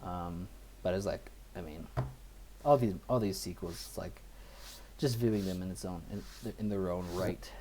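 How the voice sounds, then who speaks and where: A man's voice: low-pitched, normal speed, warm tone, a little hiss or hum. A man co-hosting a podcast, casually retelling a movie plot with lots of fillers. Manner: rambling, filler-heavy retelling. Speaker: podcast co-host. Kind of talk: casual movie review chat.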